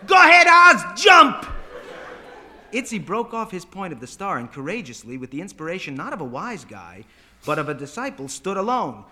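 A man narrating a story aloud with animated, dramatic delivery. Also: on the high side, a little fast. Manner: animated, voices characters.

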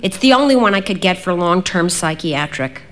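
A woman voicing a worried middle-aged father who speaks quietly and haltingly, apologizing as he goes. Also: fairly low pitch, expressive, lightly acted. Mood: weary.

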